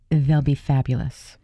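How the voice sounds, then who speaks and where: A woman's voice: deep voice, dark tone, slightly rough, dry recording. A woman with a Brooklyn accent co-hosts a casual radio chat. She answers with skeptical, wry banter, and the studio sound is dry and close. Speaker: radio co-host.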